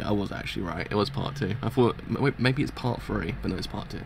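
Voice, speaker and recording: A man's voice: fairly low pitch, fairly quick, creaky, hardly any pauses, a little hiss or hum. A young man giving rambling, casual live reaction commentary, often correcting himself. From England. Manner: rambling, self-correcting chatter. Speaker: reaction streamer.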